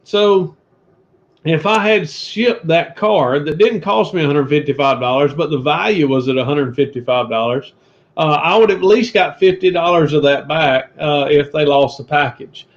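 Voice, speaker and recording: Male livestream co-host, earnest and preachy, higher voice, muffled lo-fi stream sound. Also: moderate pace. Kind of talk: casual livestream chat. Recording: dull lo-fi stream audio.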